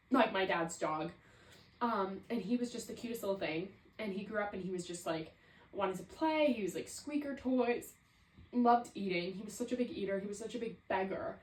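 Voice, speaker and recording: A woman's voice: on the low side, roomy sound, distant mic, rough recording. A woman in her twenties hosting a solo podcast, talking reflectively and rambling with lots of "like.". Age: 20s. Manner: reflective, rambling, heavy use of "like". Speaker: podcast host. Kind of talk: casual solo podcast monologue.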